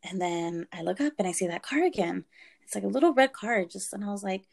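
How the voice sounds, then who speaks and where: A woman in her twenties telling a story in casual talk, animated, saying "like" a lot and swearing freely. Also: medium pitch, fast, gravelly.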